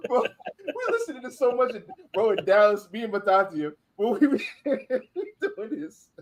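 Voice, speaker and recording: Excitable, laughing man reacting to a clip. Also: sits high, a little slow, slight background noise. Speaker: host. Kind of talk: casual chat reacting to a video.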